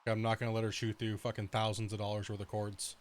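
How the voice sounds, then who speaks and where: A man's voice: lowish voice, monotone, quick pace. A young man streaming a game, chatting casually, rambling and swearing freely as he rants. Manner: rambling, profane, ranting. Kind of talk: casual chat during a live stream.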